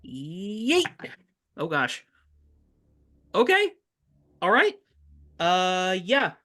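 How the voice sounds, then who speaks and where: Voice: mid-range voice, animated, measured pace, bright, forceful tone. A player in a tabletop role-playing game who talks keenly and lays out plans step by step. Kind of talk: casual tabletop game play.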